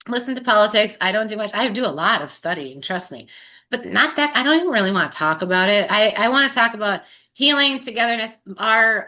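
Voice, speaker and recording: A woman's voice: mid-range voice, pushed and bright. A woman talking in a casual recovery group chat, impassioned and rambling, swearing and laughing as she goes, her voice a little strained. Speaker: sober group member.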